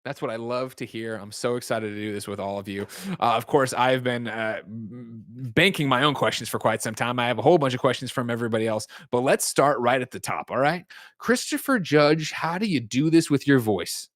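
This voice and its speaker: Excitable male livestream host, dry sound. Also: medium pitch, no echo. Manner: excitable, fast banter with restarts. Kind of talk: energetic livestream hosting.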